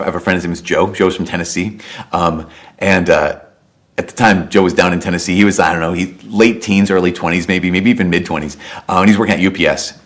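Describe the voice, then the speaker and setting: A man, a priest, giving a sermon in a conversational storytelling way, with repeated rhetorical questions. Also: low-pitched.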